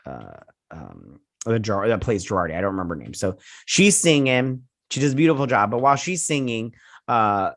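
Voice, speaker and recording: A man's voice: fairly low pitch, fairly bright tone, dry recording, clean studio sound. A man casually reviewing a TV episode, rambling with many fillers and acting out the characters' lines as he retells the plot.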